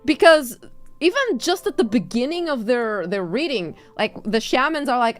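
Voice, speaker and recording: A woman streamer retelling a story in casual chat, animated, swearing freely and laughing often. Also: a little high, normal speed, faint music behind. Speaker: VTuber streamer.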